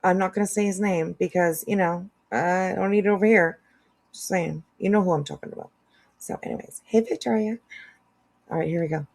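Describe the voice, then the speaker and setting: Woman, casual live commentary, chatty, laughs often, lowish voice. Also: brisk, a little mellow. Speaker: commentary streamer.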